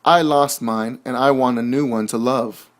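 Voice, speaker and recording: A man's voice: medium pitch, fairly even intonation, normal speed, close to an everyday voice. A man voicing a lonely, timid little male bee who pleads to join a new family in a storybook. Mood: pleading.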